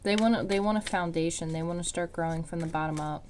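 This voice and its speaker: A woman's voice: fairly low pitch, quick pace, a little mellow, a little hiss or hum. Rambling woman giving a tarot reading. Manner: rambling, many fillers like "um" and "like". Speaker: tarot reader.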